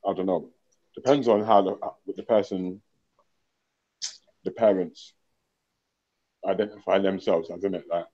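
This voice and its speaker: Deep, husky man, laid-back podcast co-host, muffled lo-fi sound. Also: fairly even intonation, unhurried, long pauses, mellow. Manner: hesitant, laid-back, frequent fillers. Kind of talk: casual chat. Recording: dull lo-fi recording.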